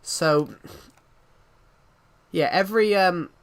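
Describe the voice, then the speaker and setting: A man's voice: high voice, very slow, fairly bright tone, clean tone. A British man in his twenties chatting casually with viewers while streaming a game, rambling as he answers their comments. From Britain. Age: 20s. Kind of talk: casual live-stream chat while gaming.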